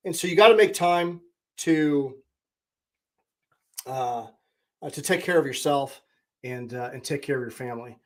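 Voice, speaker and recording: A man's voice: mid-range voice, a little slow, long pauses. A man in his forties, a podcast host and coach, giving a candid, plainspoken monologue with blunt mild swearing. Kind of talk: casual reflective monologue.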